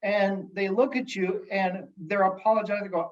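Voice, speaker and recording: Animated joking man on a lo-fi podcast mic. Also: high-pitched, moderate pace. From United States. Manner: animated, jokey storyteller with many restarts. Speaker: guest, sales executive and elected official. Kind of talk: casual podcast chat.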